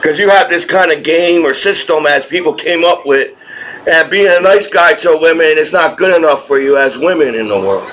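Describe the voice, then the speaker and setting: A high-voiced middle-aged man with a New Jersey accent rants in a rambling vlog, stumbling over his words and circling back on himself. A faint murmur of background noise sits under his voice. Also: normal speed, fairly bright tone, low-quality recording. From New Jersey, USA. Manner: aggrieved, repetitive, with frequent stammered restarts. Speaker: vlogger. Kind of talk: rambling monologue to camera.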